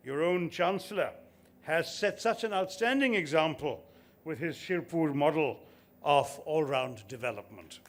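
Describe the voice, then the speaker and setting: A man's voice: on the high side, expressive, measured pace. A man in his sixties giving an eloquent, formal convocation speech with emphatic lists. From India. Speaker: convocation speaker.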